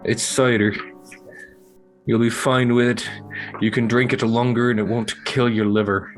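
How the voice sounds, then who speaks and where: A man's voice: medium pitch, level tone, moderate pace, soft background music, close to an everyday voice. A man playing a fatherly tavern man who talks in a soothing, reassuring way.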